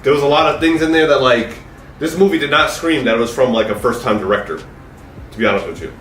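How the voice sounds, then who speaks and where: A man's voice: medium pitch, quick pace, a bit bright, soft background music. A man casually reviewing a movie with friends, rambling with lots of fillers. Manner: loose, rambling, many fillers. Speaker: podcast co-host. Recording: echoey room, distant mic, faint noise.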